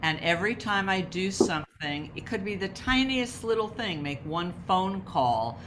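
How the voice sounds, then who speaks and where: A woman's voice: medium pitch, lively intonation, normal speed, background noise. A woman talking about rituals and wellness in a conversation, explaining with emphasis. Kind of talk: conversational advice talk.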